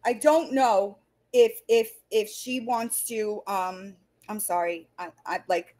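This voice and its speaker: A woman's voice: medium pitch, takes it slowly, warm tone. A woman hosting a livestream, ranting angrily with heavy swearing and stumbling restarts. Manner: angry, profane, stumbling restarts. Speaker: livestream host. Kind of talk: heated livestream rant.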